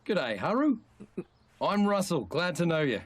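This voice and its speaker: A man's voice: fairly high pitch, sing-song, unhurried, no room sound. An actor playing a friendly older Australian host father with a hearty, welcoming Australian accent, in a dubbed anime.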